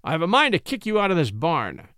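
A man's voice: a little high, wildly swooping pitch, quick pace, a bit bright, no echo, clean studio sound. A man voicing a brusque, angry farmer in an audiobook reading.

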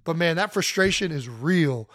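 A man from Ohio co-hosting a podcast, telling stories in an animated, joking way. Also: a little high, moderate pace, no echo, clean studio sound. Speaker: podcast co-host. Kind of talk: casual chat.

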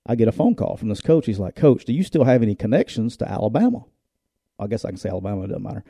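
A former football coach, now middle-aged and co-hosting a relaxed show, rattles off stories in a lowish, slightly rough voice. He's animated, laughing and acting out the voices of those he quotes, captured in a dry, clean studio recording.

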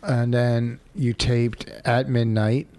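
A man's voice: medium pitch, level tone, takes it slowly, dark tone, clear, resonant tone. A middle-aged man co-hosting a podcast, needling his co-host in blunt, dry banter. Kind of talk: casual banter.

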